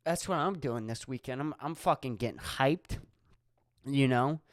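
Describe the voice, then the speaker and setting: A man's voice: mid-range voice, measured pace, no room sound, studio quality. A young man from Pennsylvania, a stand-up comic hosting his own podcast, rambling casually with lots of swearing and fillers. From Erie, Pennsylvania. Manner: rambling, profane, filler-heavy. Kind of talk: casual solo podcast monologue.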